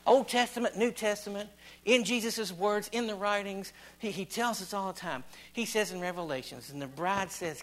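High-voiced man preaching a sermon. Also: normal speed, a little hiss or hum, poor audio. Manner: repetitive, building, swings from hushed to loud.

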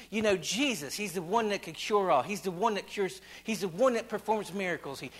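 Male preacher, high voice, repetitive sermon delivery that swings from hushed to loud. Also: low-quality recording.

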